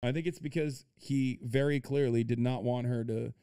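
A man's voice: mid-range voice, fairly even intonation, moderate pace, warm tone, a little hiss or hum. A man streaming a reaction, ranting incredulously with lots of swearing and reading an article aloud. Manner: incredulous, swears a lot, rants. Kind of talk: profane, animated commentary and article reading.

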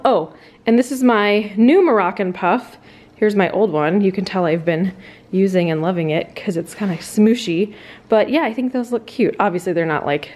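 A woman vlogging casually at home into a handheld camera, talking in a chatty way full of fillers and speaking fondly to her dog. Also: medium pitch. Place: at home, indoors.

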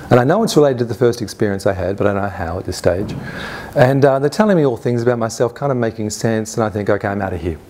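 A man at a mid-range pitch tells a personal story to a summit audience. He talks earnestly and conversationally, reliving events in the present tense, with frequent restarts and little fillers. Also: quick pace, darkish tone, a little hiss or hum. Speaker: conference speaker. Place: summit stage before an audience.

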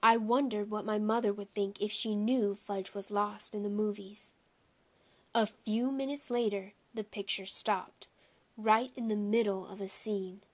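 A woman's voice: medium pitch, steady tone, a little slow. Woman reading a children's book aloud. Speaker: audiobook reader.

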